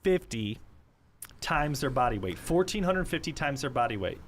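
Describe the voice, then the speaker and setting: A male co-host with a medium-pitched voice, easygoing and encouraging on a casual investing podcast. He agrees readily and keeps the chat moving, with a faint hum of background noise under him. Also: sing-song, normal speed. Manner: easygoing, upbeat and affirming, quizzes his co-host. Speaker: co-host of a real estate investing show.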